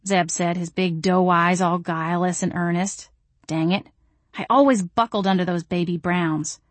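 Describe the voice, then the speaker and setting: A woman narrating a first-person audiobook in a wry, deadpan way. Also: lowish voice, normal speed, no room sound.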